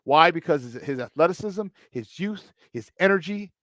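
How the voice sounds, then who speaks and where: A man's voice: on the high side, lively intonation, normal speed, a bit bright, dry recording, clean studio sound. A man from Chicago with a Chicago accent, hosting a sports talk show and hammering his points home with repetition. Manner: emphatic, repeats points for stress. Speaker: sports radio host. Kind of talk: sports talk radio banter.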